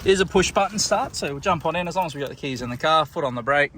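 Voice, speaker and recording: Bright-voiced Australian car salesman outdoors. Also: a little high, fast talker, a little hiss or hum. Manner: relaxed, plain-spoken, pointing things out as he goes. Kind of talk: walkaround car video tour. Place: outdoors around a car, then inside it.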